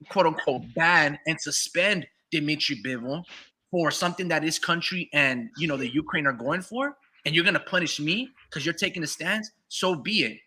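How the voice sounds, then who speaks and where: A man's voice: on the high side, bright, forceful tone, breathy edge. A man co-hosting a casual boxing podcast, talking heatedly and cursing freely as he argues a fighter's side in the first person. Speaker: podcast co-host.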